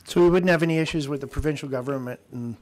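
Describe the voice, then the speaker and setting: A man's voice: fairly high pitch, fast talker, a little mellow. A man, a council member asking probing questions at a meeting.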